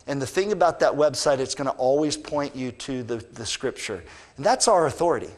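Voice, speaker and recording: Male pastor introducing a speaker, slightly high voice, hesitant delivery. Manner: halting, many fillers and restarts. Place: church in Brooklyn, New York.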